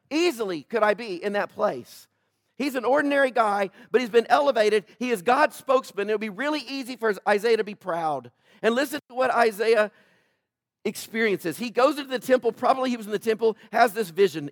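A man preaching a sermon as pastor, swinging between loud declarations and soft joking asides and putting questions to the congregation. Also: sits high, fairly quick, no echo, clean studio sound.

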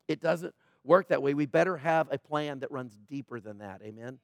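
A middle-aged man preaching a sermon in a conversational, sarcastic way, with quiet asides. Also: fairly high pitch, normal speed, hardly any pauses, dry recording, clean studio sound. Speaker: pastor.

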